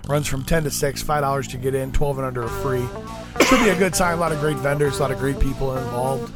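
A man co-hosting a casual podcast, wrapping up the show with loose, filler-heavy talk. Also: mid-range voice. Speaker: podcast co-host. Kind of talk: casual chat and show sign-off.

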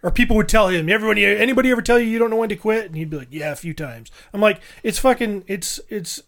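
A man with a notably high speaking voice co-hosts a loose movie review chat. He rambles, doubling up words while he hunts for the point. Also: very fast, gravelly, fairly bright tone. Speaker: podcast co-host.

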